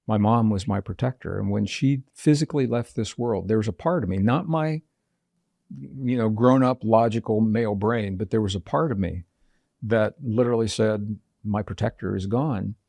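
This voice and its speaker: Low gravelly man explaining earnestly. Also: warm tone, no echo. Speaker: guest author. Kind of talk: reflective interview storytelling.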